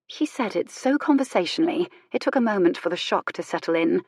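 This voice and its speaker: A woman narrating a historical romance audiobook in a measured, expressive way. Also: lowish voice, breathy edge, dry recording, studio quality. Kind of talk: scripted narration.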